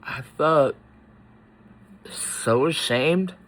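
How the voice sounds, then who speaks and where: Slow, halting man, choked up. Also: fairly high pitch, poor audio. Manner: slow, halting, with many pauses and fillers. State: tearful, choked up. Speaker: faith vlogger. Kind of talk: personal emotional vlog.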